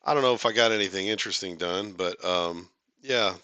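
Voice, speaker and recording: A man's voice: sits low, brisk, bright, forceful tone, no room sound. A man hosting a casual live stream, chatting with viewers in a rambling, joking way, full of fillers and restarts.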